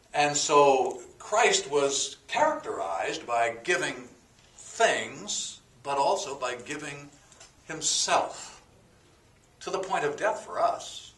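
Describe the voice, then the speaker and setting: A man's voice: medium pitch, fairly bright tone, distant mic. A man teaching a sermon, explaining words one by one in a folksy way with fillers and a joke. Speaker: pastor. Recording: echoey room, voice from off the mic.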